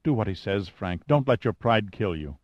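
A man voicing a level-headed female scientist who speaks in a quiet, measured way. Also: on the low side, lively intonation, no room sound, dull audio.

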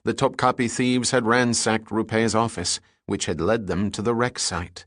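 Low-voiced man narrating an adventure story. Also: measured pace, no echo, studio quality. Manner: steady storytelling delivery. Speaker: audiobook narrator. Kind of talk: scripted narration.

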